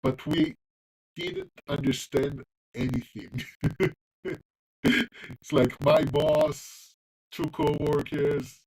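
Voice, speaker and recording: A man's voice: on the high side, huge pitch swings, extremely slow, long pauses, a little mellow, rough recording. A man with a non-native English accent leaning American, streaming himself coding and chatting casually with viewers. He talks loosely, with plenty of ums and restarts. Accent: non-native English accent, closer to American. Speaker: coding livestreamer. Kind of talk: casual livestream chat while coding.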